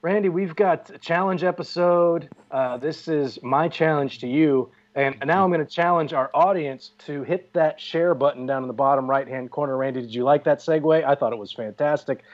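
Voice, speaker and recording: A man's voice: a little high, moderate pace, hardly any pauses, highs cut off. A man co-hosting a casual chat show, joking and bantering with a headset mic. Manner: joking, banters and laughs often. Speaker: podcast co-host.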